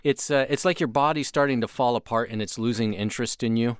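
A man with a smooth, clear voice at a mid pitch chats easily and teases now and then as he introduces a track. The sound is close and dry, with no room echo. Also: fast talker. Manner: easygoing, teasing banter. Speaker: radio show co-host. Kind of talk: casual chat introducing a song.

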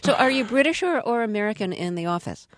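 A woman's voice: fairly high pitch, very animated, fast, a little hiss or hum. A woman hosting an interview, curious, asking follow-up questions and laughing along with her guest. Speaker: interview host. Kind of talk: radio interview.

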